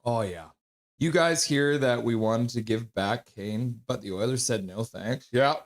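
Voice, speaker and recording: A man hosting a casual live stream about hockey. He reads chat messages aloud and reacts to them with quick, excited exclamations. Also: mid-range voice. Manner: breaks into loud excited exclamations.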